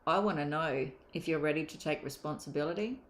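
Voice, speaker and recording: A woman's voice: sits low, a little fast. A woman, a mindset coach giving a candid, emphatic motivational course talk and swearing casually. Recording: roomy echo.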